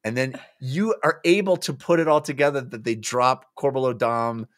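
A man's voice: medium pitch, moderate pace, a bit bright, no room sound, studio quality. A man co-hosting a casual book club chat, recapping chapters and acting out characters' lines in playful voices. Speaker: podcast co-host.

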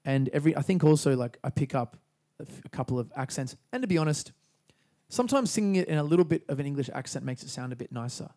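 A young man with an Australian accent, a musician guest talking in a relaxed, rambling way with lots of fillers. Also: a little high, fast. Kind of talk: casual interview chat.

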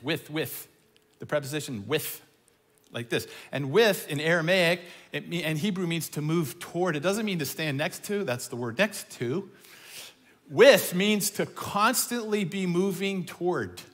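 A man preaching a sermon, emphatic and animated, swinging from booming declarations to hushed, slow lines. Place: church auditorium. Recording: long reverb of a large hall.

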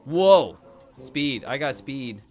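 A young man hosting a let's play, commenting in an excitable, jokey way with sudden yelps and shouts. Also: mid-range voice, very slow, soft background music. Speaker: gaming video host.

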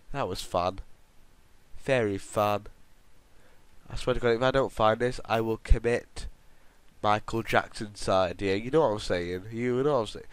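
Hosting a gaming video, a man speaks in a fairly low, clean-toned voice with no room sound, rambling and cracking jokes to viewers as he plays.

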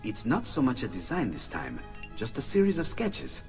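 An actor playing a cheerful, excitable male Renaissance inventor who exclaims with delight. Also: mid-range voice, moderate pace, distant mic. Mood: musing. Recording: long hall reverb. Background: faint game music.

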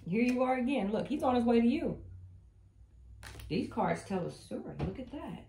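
A woman's voice: a little high, big pitch swings, moderate pace, vocal fry, mellow. A woman giving a spiritual tarot reading to viewers, emphatic and repetitive as she tells the story of the cards. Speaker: tarot reader. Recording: echoey room, faint noise.

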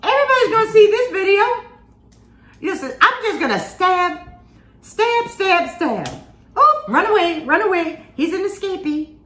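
A woman's voice: very high voice, big pitch swings, normal speed, fairly bright tone. A woman hosting a casual food challenge with her friends, teasing and laughing playfully. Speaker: challenge host. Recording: echoey room.

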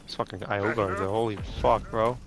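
A man's voice: on the low side, steady tone, moderate pace. A man calling out plays to his squad over game voice chat, laid-back and casual. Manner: laid-back, calls out callouts. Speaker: squad teammate.

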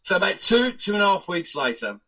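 A high-pitched, brisk male voice belongs to an actor guesting on a podcast, where he tells stories in an easygoing interview. Lively and quick to laugh, he does voices for the people in his anecdotes. The recording is low quality.

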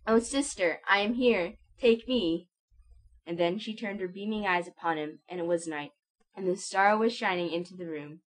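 Female storybook narrator, lowish voice, gentle and measured. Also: poor audio. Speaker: audiobook narrator. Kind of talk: scripted narration.

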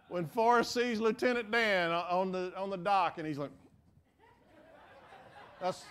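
A male pastor preaching a sermon in a church, telling a story in a lively way with frequent repeated words. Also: sits high, unhurried, long pauses, slight background noise. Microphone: mic for preaching.

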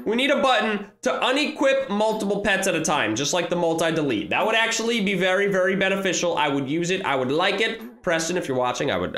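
Brief: excitable male gaming YouTuber, bright, lively pitch, rambling play-by-play. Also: roomy sound. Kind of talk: excited gameplay commentary.

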